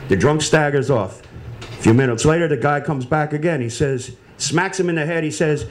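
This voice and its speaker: A man telling jokes on a comedy panel, animated and acting out the voices. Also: a little high, a little fast. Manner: animated storyteller, acts out voices. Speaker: joke-off contestant.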